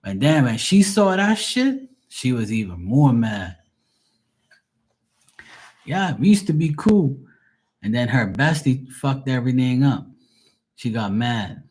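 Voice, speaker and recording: A man's voice: mid-range voice, very animated, takes it slowly, long pauses, a little mellow. A man who reads tarot, chatting casually on a livestream and telling stories in a blunt, profane way. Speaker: tarot reader and medium.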